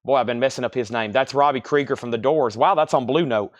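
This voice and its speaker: A man's voice: mid-range voice, quick pace, muffled recording. A young man hosting a live vinyl sale stream, chatting casually and rambling while reading out titles and prices.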